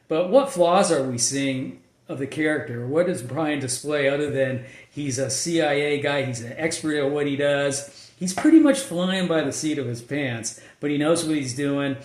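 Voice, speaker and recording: A male screenwriter talking casually about his writing process, rambling with lots of fillers and restarts. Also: medium pitch. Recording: echoey room.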